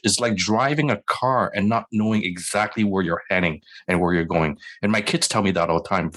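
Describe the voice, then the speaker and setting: A man's voice: lowish voice, fairly quick, few pauses, a bit bright. A middle-aged man, a physician guest in an interview, telling his own story in a conversational way and acting out his past dialogue. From Canada.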